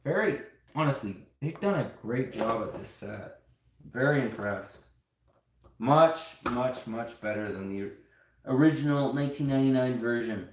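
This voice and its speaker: A man talks casually to his live-stream viewers in a middle-pitched voice. His talk rambles from point to point as he builds and shows things off. The sound carries a clear room echo from a home setup. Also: moderate pace, slight background noise.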